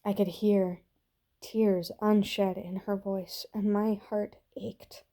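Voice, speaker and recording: A woman reading a story aloud in a slow, soft, gentle voice that sometimes drops to a hush. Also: mid-range voice, level tone. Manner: slow, soft and gentle, dropping to hushed whispers. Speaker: reader.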